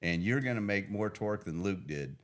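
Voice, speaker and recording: A middle-aged man, an engine builder, chatting loudly on a podcast and laughing often as he rambles about his work. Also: on the low side, lively intonation, fairly quick. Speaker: engine builder and shop owner. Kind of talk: casual podcast chat.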